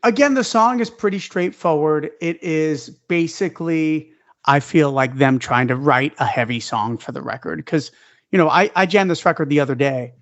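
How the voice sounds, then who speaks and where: Higher-voiced analytical podcast co-host. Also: male voice, normal speed, fairly bright tone, dry recording, dull audio. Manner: analytical, breaks down song structure. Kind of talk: casual podcast chat.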